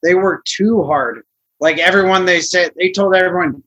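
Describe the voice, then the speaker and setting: Bright rambling young-sounding man. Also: high voice, normal speed, slightly rough, dull audio. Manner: rambling, many likes, swears. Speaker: podcast co-host. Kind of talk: casual movie review chat.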